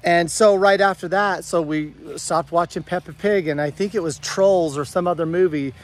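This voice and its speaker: A man's voice: high voice, normal speed. A middle-aged man talking casually and earnestly to camera outdoors on his farm, rambling with many restarts. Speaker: homesteader vlogger. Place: outdoors on a farm, goat pen and orchard.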